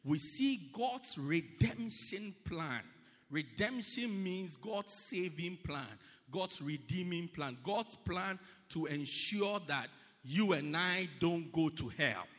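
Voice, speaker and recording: A man preaching a sermon to a congregation, leading them in repeated shouted readings of scripture. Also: fairly high pitch, animated, takes it slowly, big-room sound. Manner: builds to shouted call-and-response reading. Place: church.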